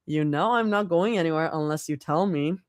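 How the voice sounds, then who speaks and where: Lady playing a smooth teasing young woman, low drawl, dry sound. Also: a little mellow, no room sound, close to an everyday voice. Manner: low, slow, drawling tease.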